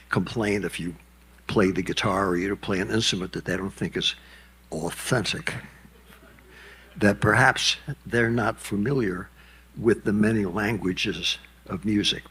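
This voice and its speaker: Speaking low with a fairly bright, breathy edge, a man in his nineties gives an anecdotal keynote at a conference. He rambles, drifting into asides and restarting his thoughts.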